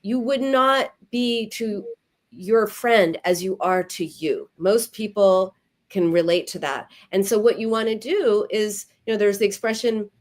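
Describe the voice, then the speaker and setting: A woman therapist, a guest on an interview show, giving lively advice and acting out quoted self-talk. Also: medium pitch, a little slow. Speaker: eating disorder therapist, guest. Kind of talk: conversational advice.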